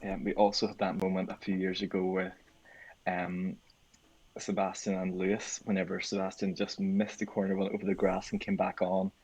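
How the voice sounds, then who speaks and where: A man co-hosting a podcast in casual chat, easygoing, asking his partner questions and chiming in with quick agreement. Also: low voice, monotone, a little mellow, husky, muffled recording. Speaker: podcast co-host.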